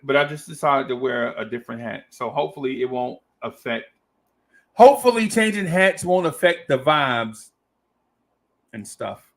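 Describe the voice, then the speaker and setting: A man hosts a relaxed fan talk stream in a creaky, slightly bright, medium-pitched voice with lively intonation at normal speed. He reads viewer comments playfully, laughs easily, and frequently repeats phrases.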